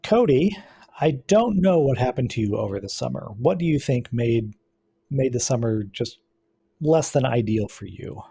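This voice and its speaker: Mellow-voiced male game master. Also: mid-range voice, moderate pace, vocal fry, breathy edge. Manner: relaxed, explanatory, with frequent restarts. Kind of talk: running a tabletop role-playing game.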